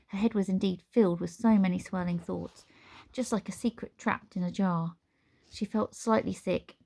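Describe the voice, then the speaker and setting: A woman's voice: medium pitch, vocal fry. Woman narrating a children's storybook. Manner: measured, expressive storytelling. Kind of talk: storybook reading.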